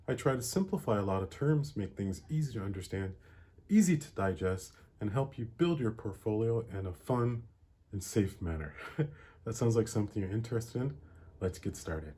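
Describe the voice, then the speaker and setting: A man's voice: on the low side, lively intonation, normal speed, breathy edge. A young man with a Hawaiian accent hosts an investing vlog, explaining things in an easygoing, chatty way and laughing often. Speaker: investing channel host. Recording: soft music behind.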